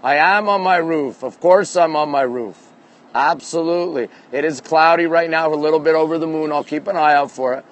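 A man's voice: on the high side, moderate pace. A man from Canada hosting a live phone stream from his rooftop at night, chatting upbeat and greeting viewers by name. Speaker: livestream host. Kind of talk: live-stream chat reading viewer comments. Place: rooftop deck outdoors at night. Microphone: phone held in hand.

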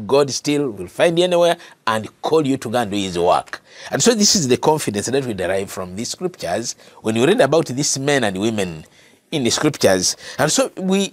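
Earnest Ugandan preacher, lively pitch. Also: male voice, dry recording. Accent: Ugandan English. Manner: earnest, repeats phrases for emphasis; addresses listeners as brother and sister. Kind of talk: Bible teaching sermon.

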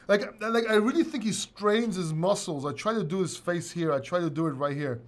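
A man's voice: high-pitched, normal speed, few pauses. A middle-aged man hosting a casual livestream chat, rambling, swearing and laughing often. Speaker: host.

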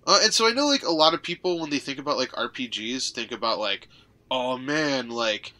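A man's voice: medium pitch, sing-song, fast, pushed and bright. A young man co-hosting a podcast, chatting casually and joking around. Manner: jokey, playful, often riffing in silly voices. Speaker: podcast co-host. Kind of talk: casual chat.

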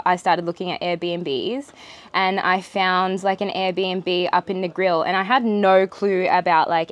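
Chatty young Australian woman vlogging. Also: mid-range voice. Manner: chatty, rambling, many fillers and restarts; talks with her mouth full. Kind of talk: casual storytelling while eating. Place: outdoor eatery.

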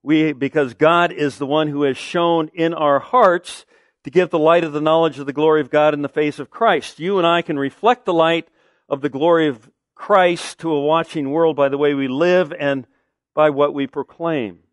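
Male pastor, sermon, emphatic, rhetorical questions, higher voice, dry close sound. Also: steady tone, normal speed, no echo.

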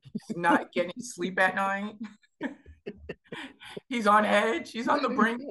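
A woman's voice: mid-range voice, takes it slowly, sharp tone. A woman co-hosting a casual design chat over a video call, bubbly, playful and laughing often. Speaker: co-host.

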